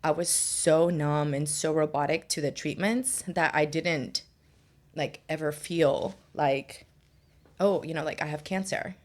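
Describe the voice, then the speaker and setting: Young woman guest, slightly low-pitched, candid storyteller who says "like" a lot. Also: a little slow, a little mellow. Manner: candid, heavy use of "like" fillers. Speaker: podcast guest. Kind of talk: personal storytelling in conversation.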